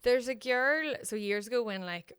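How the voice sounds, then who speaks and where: A woman's voice: on the high side, normal speed, fairly bright tone, smooth. A woman, co-hosting a podcast, telling a story with lots of energy and swearing freely. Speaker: podcast co-host. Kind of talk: casual chat, storytelling.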